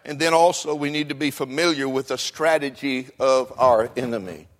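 An older man delivers a sermon at an ordinary middle pitch, his voice ringing in a long hall echo. He drops to near murmurs and then climbs to full shouts. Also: moderate pace. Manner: swings from quiet to shouting. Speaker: preacher.

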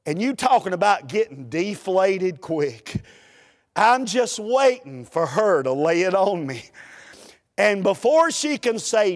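A man, a preacher telling a humorous story in a folksy, animated way during a sermon. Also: high-pitched, a little slow, long reverb tail.

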